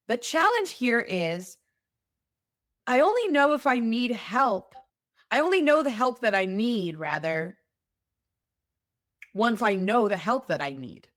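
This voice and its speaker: A woman's voice: mid-range voice, fairly bright tone, no echo, studio quality. Conversational woman podcast host. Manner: conversational and emphatic, explains with examples. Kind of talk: solo podcast talk.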